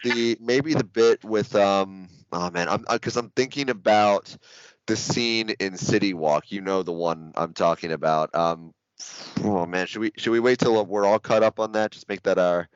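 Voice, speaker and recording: Low, smooth-voiced hesitant man. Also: moderate pace, no room sound. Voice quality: hesitant, lots of fillers. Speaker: podcast co-host. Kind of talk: casual chat. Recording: dull, muffled audio.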